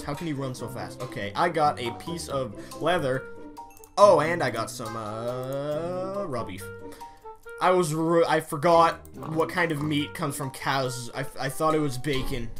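A young man giving casual, excitable commentary while playing a video game, often breaking into mock-angry yelling. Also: on the high side. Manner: excitable, yells and mock-rages at game animals. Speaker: gaming YouTuber.

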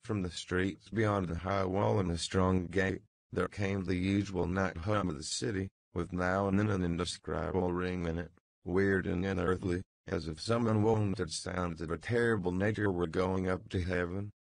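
A man reading an audiobook as narrator in a measured, deliberate way. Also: sits low, fairly even intonation, creaky, no echo. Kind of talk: scripted narration.

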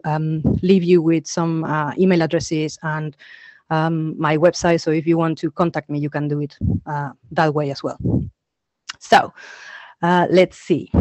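A woman's voice: fairly low pitch, no room sound. A woman from Argentina presenting a teacher-training webinar over a video call, chatty and full of ums. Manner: chatty, lots of ums and uhs; excited reading out names from the chat. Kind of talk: online conference talk. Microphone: computer mic on a video call.

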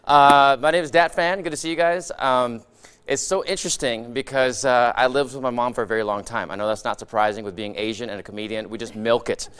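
A man doing animated stand-up in a TV studio, laughing between jokes. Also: mid-range voice, fairly quick, clean tone. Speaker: stand-up comedian.

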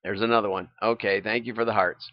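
A man's voice: fairly low pitch, fairly even intonation, quick pace, no echo. An older man hosting a casual livestream, chatting in a rambling way and chuckling often as he goes over news items. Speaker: livestream host. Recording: dull, lo-fi, dry livestream audio.

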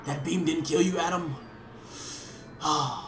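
A woman's voice: deep voice, steady tone, slow pace, very noisy, voice pushed down. A woman voicing a proud, stern alien warrior from a video game, talking down to rivals in a solemn, lordly way. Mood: commanding. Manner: solemn, lordly trash talk. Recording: roomy room sound.

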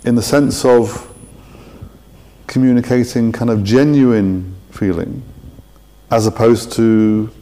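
A man speaking thoughtfully in a played clip, halting and restarting as he searches for words. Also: medium pitch, fairly even intonation, mellow. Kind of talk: reflective talk.

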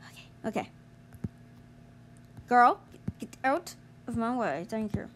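A young woman commentating her gameplay, exasperated and groaning, yelling at other players to get out of her way. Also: a little high, lively intonation, measured pace, a little hiss or hum. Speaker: gamer streamer.

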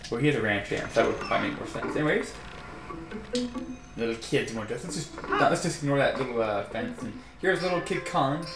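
A man's voice: mid-range voice, lively intonation, fairly quick, over loud music. A young man chatting casually while playing a video game, rambling and correcting himself as he goes. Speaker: let's play gamer. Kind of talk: casual gameplay commentary. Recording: roomy echo.

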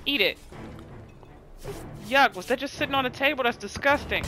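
Woman gamer doing let's play commentary, jokey, yelling at the game, music and gunfire behind. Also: sits high, normal speed. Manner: joking, exclaiming, talks back to the game.

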